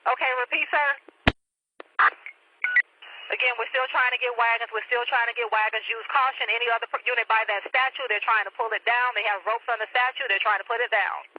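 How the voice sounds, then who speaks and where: A woman's voice: on the high side, steady tone, a little fast. A woman police dispatcher relaying reports over the radio, repeating warnings urgently. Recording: muffled scanner radio with loud static.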